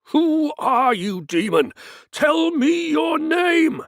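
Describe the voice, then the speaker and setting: A man voicing a middle-aged exorcist priest who bellows slow, commanding demands at a demon. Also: animated, dry recording, studio quality, exaggerated voice. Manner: booming, commanding, drawn-out demands.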